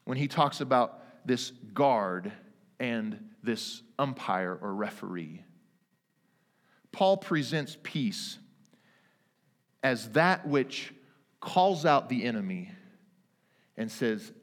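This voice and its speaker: A man in his thirties preaching a sermon, earnest and emphatic, with dramatic pauses. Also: medium pitch, lively intonation. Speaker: pastor. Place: church sanctuary. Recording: long reverb of a church hall.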